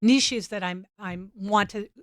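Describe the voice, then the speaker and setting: Woman podcast guest telling stories, smooth clear voice, dry close mic. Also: medium pitch, unhurried, no room sound. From United States. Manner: animated, acts out quoted dialogue. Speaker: podcast guest, motorsports nonprofit director. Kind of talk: casual storytelling interview. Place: studio set.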